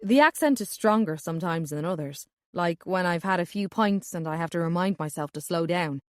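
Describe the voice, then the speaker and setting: A woman narrating an audiobook, voicing a relaxed, teasing young Irish man in his twenties with an Irish accent. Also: fairly low pitch, brisk, no echo, studio quality, natural voice. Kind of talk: audiobook character voice.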